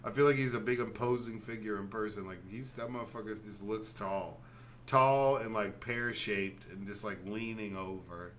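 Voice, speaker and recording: A man with a low, bright and forceful voice riffing through casual podcast banter. He jokes loudly, swears freely and breaks into laughter, with faint room ambience behind him. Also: moderate pace, a little hiss or hum. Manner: loud, joking, swearing, bursts into laughter. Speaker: podcast host. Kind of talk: casual comedic chat.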